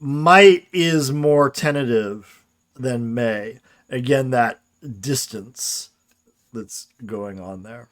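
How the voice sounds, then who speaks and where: A man's voice: medium pitch, extremely slow. A man giving a casual livestreamed grammar lecture, explaining and answering chat questions, often checking in with "right?".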